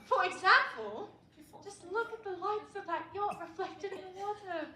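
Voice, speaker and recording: A woman's voice: very high-pitched, sharp tone. A young woman in a school stage play, playing a flamboyant, gushing actress who speaks in a theatrical way. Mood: flustered. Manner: theatrical, gushing, drawn-out vowels. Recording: echoey auditorium, faint hiss.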